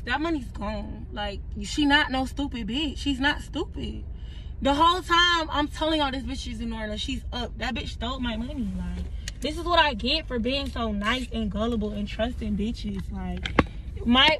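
A woman's voice: a little high, normal speed, sharp tone. A woman vlogger, venting angrily, swearing and repeating herself. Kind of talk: casual heated vlog talk. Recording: noisy car recording.

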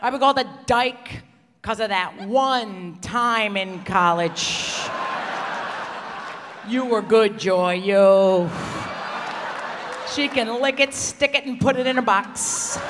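A woman's voice: mid-range voice, background noise. Brash woman comic, echoey hall. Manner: brash, crude, teasing the crowd, often shouting. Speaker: stand-up comedian. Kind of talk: live insult comedy set. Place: stage in a large theater before a live audience. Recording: live hall recording with loud audience.

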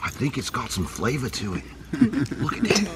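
A man's voice: mid-range voice, very animated, normal speed. A man visiting a sanctuary, talking to the animals in a playful, teasing baby-talk. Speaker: guest visitor. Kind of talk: casual chat. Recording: loud outdoor noise.

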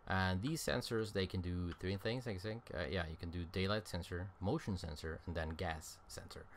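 Low-voiced man rambling through gameplay. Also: normal speed, a little hiss or hum. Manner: rambling, thinking aloud with many fillers. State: tired, yawning. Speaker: game streamer. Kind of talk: casual let's-play commentary.

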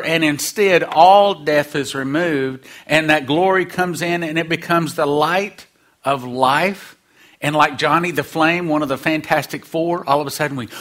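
A man's voice: a little high, a bit bright. A man preaching a sermon, acting out quoted voices and dropping humorous asides.

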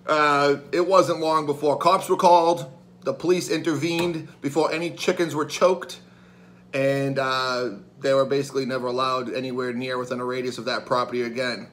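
A man telling a funny family story in a casual, animated, crude way, now and then laughing. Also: mid-range voice, normal speed, slight background noise.

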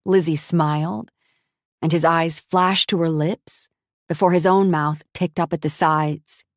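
A woman narrating an audiobook in a wry, expressive, lightly comic style. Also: low voice, a little slow, dry recording, studio quality. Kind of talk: scripted narration.

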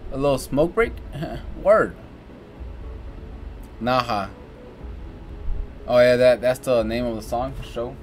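A young American reaction-video host talks slowly in a mid-range voice, pausing often. His casual commentary is loaded with slang and exclamations, and he keeps repeating "you know what I'm saying" and "bro." Faint music comes from the video on his screen.

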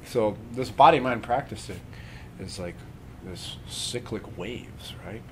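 A man leading a live workshop on breathing and meditation, talking calmly and conversationally and often checking in with his listeners. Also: fairly low pitch, takes it slowly, slight background noise. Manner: calm, conversational, checks in with "right?".

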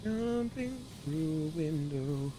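A man's voice: on the high side, slow pace, noisy background. A man casually commenting while playing a game on a live stream, chatty and jokey, reading out viewer donations. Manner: animated, jumps between mumbling and excited.

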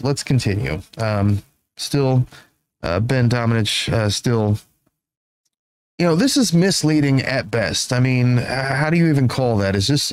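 Man, host, sarcastic, halting, full of fillers, mid-pitched voice. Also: poor audio. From United States. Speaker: show host. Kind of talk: casual commentary on news clips.

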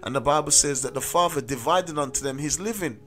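A man's voice: on the high side, brisk, fairly bright tone. A man with a South London accent preaching a sermon as a street preacher, earnestly mixing in his own testimony and repeating "amen" and "listen to me". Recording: music playing under the voice. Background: music.

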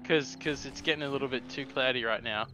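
A man's voice: mid-range voice, quick pace, background noise. An Australian man chatting casually as a partner in a co-op video game, making dry, teasing remarks. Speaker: co-op gaming partner. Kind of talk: casual co-op gaming chat.

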